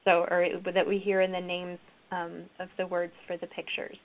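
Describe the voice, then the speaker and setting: A woman's voice: on the low side, completely flat delivery, normal speed. A woman presenting a reading program for teachers, explaining classroom activities and modeling them aloud. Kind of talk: recorded lecture with slides. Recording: tinny phone-like lo-fi audio.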